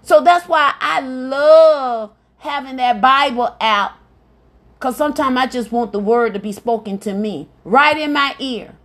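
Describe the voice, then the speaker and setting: A woman's voice: high-pitched, measured pace, fairly bright tone. A woman hosting a devotional podcast, preaching fervently and repeating her phrases with cries of praise. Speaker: evangelist podcast host. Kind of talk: devotional sermon.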